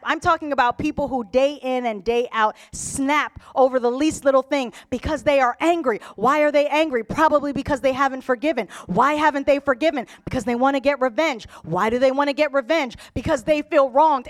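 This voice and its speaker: A woman preaching a sermon in an animated storytelling way, acting out the people in her stories. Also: high voice. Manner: animated, storytelling, mimics characters. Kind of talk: lively sermon with acted-out voices.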